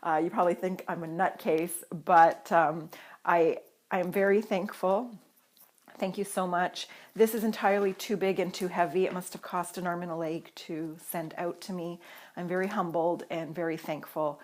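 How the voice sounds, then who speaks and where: A woman from Canada vlogging casually at home, gushing and excitable as she talks to a camera on a tripod. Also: on the low side, normal speed. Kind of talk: casual unboxing chat.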